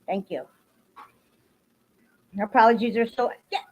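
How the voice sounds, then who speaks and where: A woman's voice: on the high side, unhurried, darkish tone. A woman hosting a casual livestream, greeting viewers by name and venting bluntly with plenty of swearing. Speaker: livestream host. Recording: dull lo-fi stream audio.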